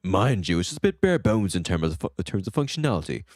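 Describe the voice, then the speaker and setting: Man doing a boastful old shipbuilder, salesy and jovial, gruff-ish, bouncy delivery, dry close sound. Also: deep voice, very animated, quick pace, no room sound. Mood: jovial salesman. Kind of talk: reading game dialogue aloud.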